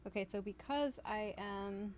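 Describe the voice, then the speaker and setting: A woman's voice: medium pitch, unhurried, darkish tone, a little hiss or hum. A woman hosting a livestream, chatting casually and easily amused while crafting and reading viewer comments. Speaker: livestream host doing crafts.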